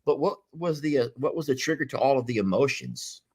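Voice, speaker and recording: A man co-hosting a casual chat, rambling and repeating himself, with sudden high exclamations. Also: a little fast, vocal fry, darkish tone, husky. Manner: rambling, repeats phrases, jumps up in pitch when exclaiming. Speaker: co-host of a horse sanctuary livestream.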